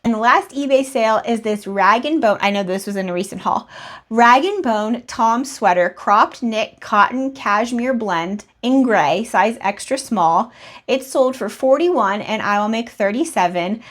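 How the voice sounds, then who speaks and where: A woman's voice: on the high side, lively intonation, measured pace. A young adult woman recapping her recent resale sales in a chatty, rambling way, with asides and self-deprecating laughs. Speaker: reseller vlogger.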